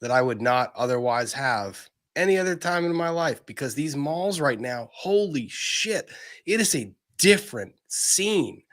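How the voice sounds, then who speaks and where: A man's voice: medium pitch, expressive, a little slow, fairly bright tone. A man from the Washington DC area, a guest in a casual chat, making blunt, emphatic points. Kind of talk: casual chat among friends.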